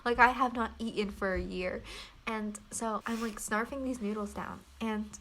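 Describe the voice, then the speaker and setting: A woman's voice: mid-range voice, fairly even intonation, normal speed, a bit bright, slight background noise, poor audio. A young woman co-hosting a casual podcast, telling a story in a chatty, laughing way. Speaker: podcast co-host. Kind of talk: casual chat.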